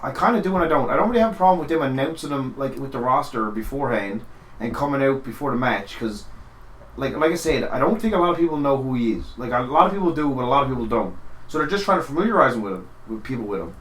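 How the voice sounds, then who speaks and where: Fast-rambling man in an echoey room. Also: mid-range voice, expressive, a bit bright. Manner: rambling, many restarts and "like" fillers. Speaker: podcast co-host. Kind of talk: casual wrestling chat.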